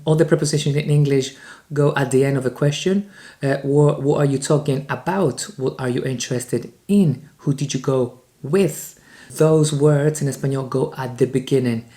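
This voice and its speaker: A man with a Spanish accent gives a beginners' language lesson in a mellow, warm voice. He keeps an upbeat pace and slows right down to spell out each example sentence. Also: medium pitch, steady tone. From Spain. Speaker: Spanish teacher.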